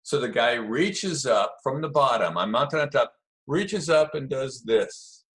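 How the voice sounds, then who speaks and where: A middle-aged man telling a story in a relaxed, chatty way, acting out the voices of the people in it. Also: medium pitch, measured pace. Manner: animated storyteller, acts out quoted voices. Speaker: guest telling stories of early jiu-jitsu. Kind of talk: casual storytelling.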